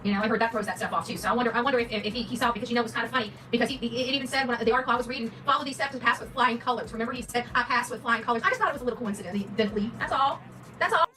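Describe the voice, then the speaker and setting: A woman livestreamer in a rambling monologue, repeating and stumbling over words, with a put-on country drawl and a pitch that swings up and down. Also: very fast, a bit bright, distant mic, a little hiss or hum, poor audio. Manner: repetitive, stammering, pitch swings up and down.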